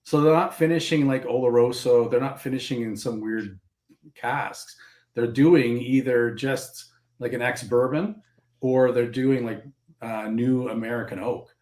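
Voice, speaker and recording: A man's voice: medium pitch, fairly even intonation, a little slow, darkish tone. A Canadian man chatting casually and eagerly on a live show, rambling with fillers. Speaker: panelist on a live whiskey and board game show. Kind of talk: casual chat. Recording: roomy echo.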